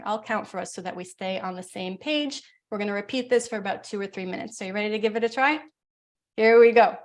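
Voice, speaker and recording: A woman breathwork coach leading a live online workshop over a video call, talking fast when she explains and slowing to a soothing pace when she guides the breathing. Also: medium pitch. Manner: talks fast, then slow and soothing when guiding breaths.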